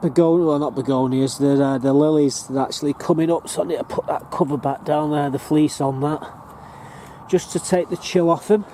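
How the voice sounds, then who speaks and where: A northern English man with a very dark, mellow voice, rambling chattily as he walks his allotment plot. He talks plainly into a handheld camera, with faint outdoor noise behind him. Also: on the high side, fairly even intonation, normal speed. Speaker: allotment gardener and vlogger. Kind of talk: casual walking tour.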